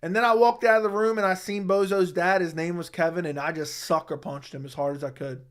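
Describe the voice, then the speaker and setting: A man's voice: sits high, steady tone, brisk, fairly bright tone, clean tone. A young man hosting a casual livestream, answering chat with crude, mocking trash talk and frequent laughter. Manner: laughs often. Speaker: livestream host.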